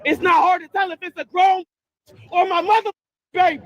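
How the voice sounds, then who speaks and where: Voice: very high voice, steady tone, normal speed, muffled recording, a crowd in the background. A relative at an outdoor scene, speaking angrily, cursing and demanding answers. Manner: angry, profane, demanding.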